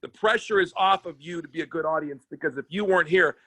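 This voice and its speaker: Comedian guest, male; high, bright, very dry voice; rambling, profane, acts out the characters in his stories. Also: fast talker, no echo. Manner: animated, profane storyteller acting out other people's voices. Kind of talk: casual storytelling chat. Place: podcast studio.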